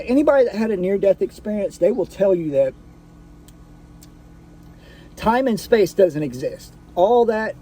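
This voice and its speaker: High-voiced man telling a personal story. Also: mellow, slight background noise. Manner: casual, profane, full of fillers and restarts.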